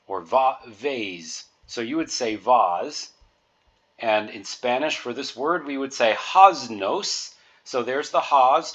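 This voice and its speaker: A man slowly talking through a pronunciation guide, giving patient explanations with everyday example words. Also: medium pitch, fairly bright tone. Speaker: music teacher. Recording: dull lo-fi recording.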